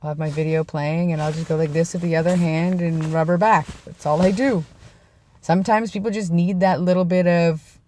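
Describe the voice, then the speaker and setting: Low-voiced rambling young woman vlogger. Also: steady tone, moderate pace, slight background noise. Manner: rambling, self-deprecating, drops to a hush for quoted lines. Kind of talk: casual storytelling vlog.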